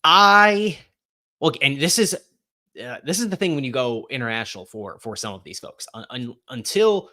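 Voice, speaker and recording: A man hosting a solo sports podcast, talking in a chatty, animated way and often restarting his phrases. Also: mid-range voice, fairly quick. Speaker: podcast host and sports writer.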